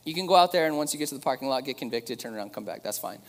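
A man's voice: mid-range voice, expressive, racing. A man preaching a sermon in a casual, conversational way, with joking asides to the room. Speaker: pastor. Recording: long hall reverb.

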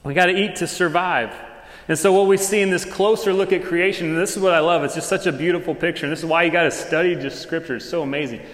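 A man delivers a sermon in a loose, conversational manner, slipping into short acted-out exchanges. His voice sits on the higher side. The sound carries a long reverb from a large, echoey church hall. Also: fairly even intonation, a bit bright. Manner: casual conversational preaching with quick dramatized asides. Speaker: pastor.

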